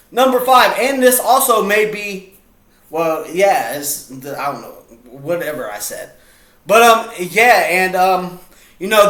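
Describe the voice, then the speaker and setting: Man, vlog host, casual rambling chat, slow delivery, echoey room. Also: high-pitched, a bit bright. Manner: rambling, playful, breaks off and restarts. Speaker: video host.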